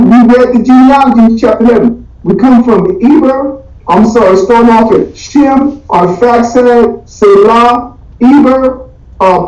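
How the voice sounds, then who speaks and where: A man teaching a Bible class in a casual, animated way, throwing slangy rhetorical questions at his students. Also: very high-pitched. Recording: echoey, distant, dull room recording.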